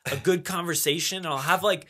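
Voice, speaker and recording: A man's voice: fairly high pitch, fairly even intonation, fast talker, bright, forceful tone. A man co-hosting a podcast in casual chat, rambling and laughing, swearing freely. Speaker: podcast co-host.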